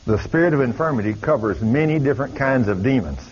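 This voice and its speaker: Preacher telling a dramatic story. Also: male voice, mid-range voice, animated, fast, darkish tone, slight background noise. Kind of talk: sermon storytelling. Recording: dull lo-fi recording.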